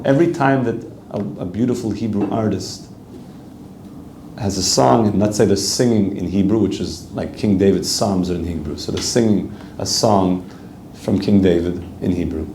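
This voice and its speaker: Mellow-voiced rabbi teaching in a roomy space. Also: male voice, medium pitch, a little hiss or hum. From Canada. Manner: earnest, conversational, reads Hebrew text and translates it. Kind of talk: Torah class lecture.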